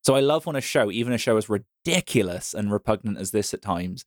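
A man's voice: lowish voice, lively intonation, a little fast, dry recording, studio quality. A man co-hosting a podcast, talking in an enthusiastic, reflective way. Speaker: podcast co-host. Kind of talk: casual chat.

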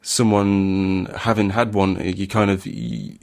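A man with a mild northern English accent talks through a casual podcast chat. His voice sits low, and he keeps stopping to restart his sentences with ums. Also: very animated, slow pace, gravelly, a little mellow. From northern England. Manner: hesitant, many restarts and ums. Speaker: podcast host and novelist.

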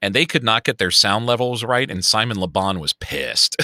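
Chicago man, fifties, podcast co-host, animated storyteller, crisp and bright voice, dry recording. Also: on the low side, moderate pace, dry recording. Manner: storytelling, animated, swears freely. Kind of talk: casual chat.

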